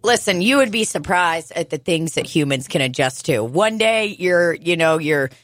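Brief: lowish-voiced woman podcast co-host, animated and profane, dry close sound. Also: moderate pace, dry recording. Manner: swears often, animated storyteller, laughs a lot. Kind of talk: casual chat.

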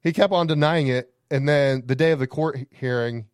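A man's voice: medium pitch, a little fast, clear, resonant tone, no echo, studio quality. Profane man telling campground stories. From Alabama. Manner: rambling, profane, laughing anecdotes. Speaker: campground owner, podcast guest. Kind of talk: casual podcast storytelling.

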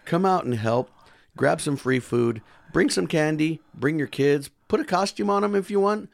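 A man co-hosting a casual podcast, relaxed and plugging a community event. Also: fairly high pitch, normal speed, gravelly, dry recording. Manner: relaxed, promoting a community event, many fillers. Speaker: podcast co-host. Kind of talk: casual chat.

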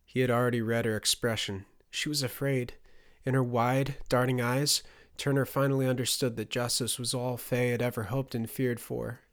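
A man's voice: mid-range voice, level tone, moderate pace, fairly bright tone. Man narrating a fantasy audiobook.

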